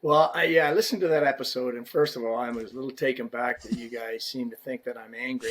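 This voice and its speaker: A middle-aged man, a podcast guest, telling a story in a casual, animated way with mock indignation. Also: medium pitch, quick pace, hardly any pauses, a crowd in the background, poor audio.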